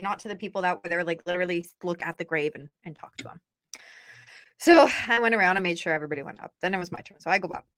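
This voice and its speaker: A woman telling personal stories in candid conversation, blunt and animated, often laughing. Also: mid-range voice, no room sound, studio quality. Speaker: guest sharing personal stories.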